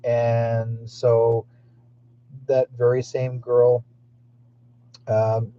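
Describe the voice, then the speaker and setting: A man's voice: mid-range voice, monotone, drawn-out words, highs cut off. A man hosting a psychic talk show, telling stories in a rambling way with many restarts and reading viewer comments aloud.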